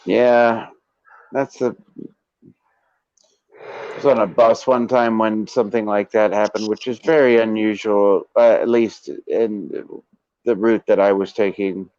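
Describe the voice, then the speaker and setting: Male podcast host, low voice, laid-back profane storyteller, dry lo-fi audio. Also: steady tone, a little slow, long pauses, a little mellow, no room sound. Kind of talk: casual storytelling chat.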